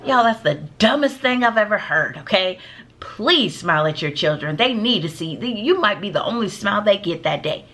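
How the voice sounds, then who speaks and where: A woman's voice: mid-range voice, expressive, normal speed, fairly bright tone. A woman teacher giving casual, emphatic classroom advice, often calling her viewers "y'all.".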